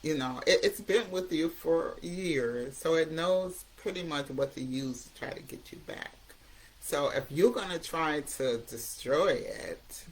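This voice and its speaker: A woman's voice: low-pitched, measured pace, slight background noise, rough recording. A woman hosting a recovery talk, speaking emphatically and conversationally, often repeating herself for effect. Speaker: recovery coach host.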